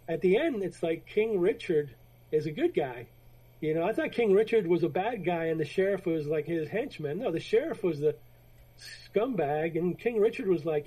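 A man with a high yet mellow, dark-toned voice chats casually on a podcast. He rambles through a retold story, restarts his sentences and slips in quoted lines. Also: low-quality recording. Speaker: podcast co-host. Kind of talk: casual chat about comics.

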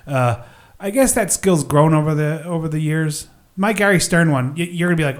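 A middle-aged man hosts a solo podcast in a loose, rambling way. He fills his talk with "uh" and "you know" and pokes fun at himself. His voice sits a little on the high side. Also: animated, normal speed. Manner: rambling, filler-heavy, self-deprecating. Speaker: podcast host.

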